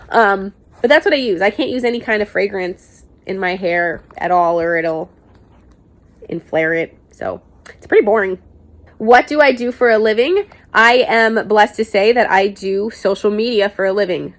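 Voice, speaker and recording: A young woman vlogger answers viewer questions to camera in a casual Q&A, her medium-pitched voice fairly bright. She's candid, chatty and self-mocking, dropping the occasional casual swear word.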